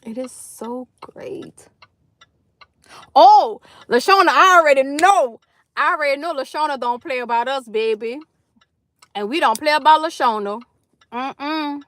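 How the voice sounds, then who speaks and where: A woman's voice: high-pitched, a little slow, pauses often, a bit bright. A woman hosting a casual livestream from her car in a carpool line, talking effusively to her viewers and greeting them by name. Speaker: livestream host. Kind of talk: casual live chat with viewers.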